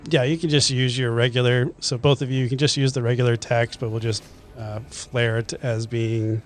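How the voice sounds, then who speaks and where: A man's voice: medium pitch, little pitch movement, normal speed, soft background music. A man from Kentucky narrating and ruling as dungeon master in a laid-back, laughing way. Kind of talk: narrating a tabletop game.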